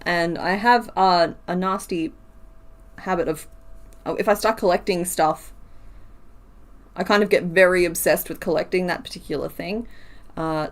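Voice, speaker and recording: A woman streaming while she crochets, talking casually, counting stitches aloud and answering her chat. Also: mid-range voice.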